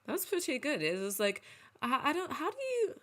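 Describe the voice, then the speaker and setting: A woman's voice: high-pitched, huge pitch swings, moderate pace, fairly bright tone. A woman playing a life coach in casual comedic chat, earnest and encouraging.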